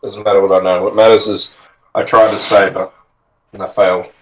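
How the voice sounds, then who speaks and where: A man's voice: lowish voice, level tone, brisk, a little hiss or hum, close to an everyday voice, rough recording. A man voicing a grim, brooding male vigilante who talks tersely.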